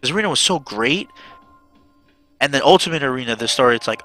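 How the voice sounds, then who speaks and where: A man's voice: medium pitch, quick pace, bright, forceful tone, faint music behind. A man streaming a video game, chatting casually, ranting and swearing a lot. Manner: profane ranting, swearing often. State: panicked.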